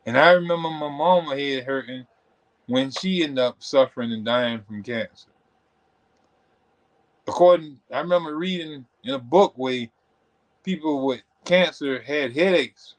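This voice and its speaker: A man hosting a livestream, talking in an animated, conversational way with many asides. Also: a little high, unhurried. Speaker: host. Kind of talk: motivational talk on a livestream.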